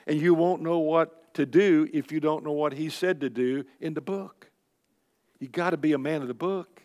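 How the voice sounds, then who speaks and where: A man's voice: on the high side, fairly even intonation, moderate pace. An older man preaching a sermon at a men's luncheon, folksy and emphatic, firing off rhetorical questions. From Texas. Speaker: Christian speaker at a men's luncheon. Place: luncheon hall. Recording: long hall reverb.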